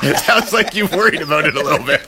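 A man's voice: on the high side, lively intonation, fast, heavy background noise. A man hosting a podcast in a hotel suite, joking casually and laughing often. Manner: laughs often, playful teasing. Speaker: podcast host. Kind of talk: casual banter.

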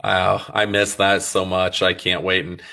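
A man hosts a casual podcast interview with an enthusiastic, quick-talking manner. His voice sits on the low side. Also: monotone, creaky, pushed and bright. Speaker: podcast host. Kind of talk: casual chat.

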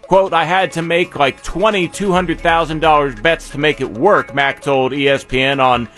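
A man's voice: on the high side, steady tone, normal speed, a bit bright, faint music behind. Man reading sports news on radio. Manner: reads news items aloud, then chats. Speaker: radio sports show host. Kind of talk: casual sports radio chat.

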